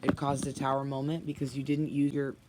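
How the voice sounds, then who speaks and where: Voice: medium pitch, completely flat delivery, a little fast, noisy background. A tarot reader giving a spoken reading to viewers, blunt and emphatic, often sighing and sympathetic.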